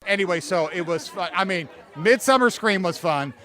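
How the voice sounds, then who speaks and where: A man talking about merchandise in an outdoor interview at a theme park. He speaks in an excitable, scattered way, repeating himself. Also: sits high, normal speed. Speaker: merchandise staff. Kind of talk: casual interview. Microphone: handheld interview mic held close.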